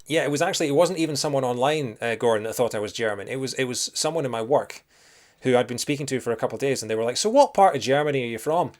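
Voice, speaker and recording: A young man from Scotland, soft-accented, streams a retro game and keeps up a rapid-fire flow of casual commentary, musing aloud and greeting his viewers. His pitch sits in the middle.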